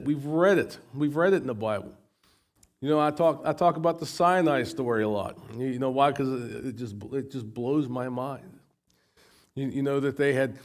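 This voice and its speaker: A man's voice: mid-range voice, a little mellow. A middle-aged American man preaching a sermon, often stumbling and repeating words as he goes. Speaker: pastor.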